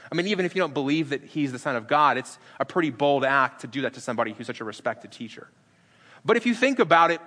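A middle-aged male pastor with a bright, forceful voice pitched a touch high for a man. He preaches in a conversational way, acting out the dialogue with humor. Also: in a large hall. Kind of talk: sermon. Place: church sanctuary.

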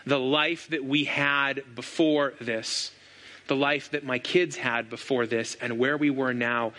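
A man's voice: medium pitch, sharp tone. A man in his thirties, a pastor preaching an earnest, reflective sermon full of rhetorical questions.

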